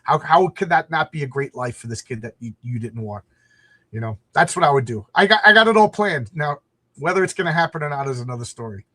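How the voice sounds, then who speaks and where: A man's voice: a little high, fast, no room sound. A middle-aged man, hosting a casual chat and acting out quotes as he tells stories. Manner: animated storyteller, acts out quotes. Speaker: podcast host.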